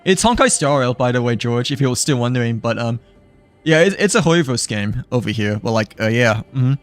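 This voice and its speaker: A young man chats casually on a game stream in an animated, brisk mid-range voice, rambling with plenty of filler words and letting sentences trail off. Soft music plays in the background.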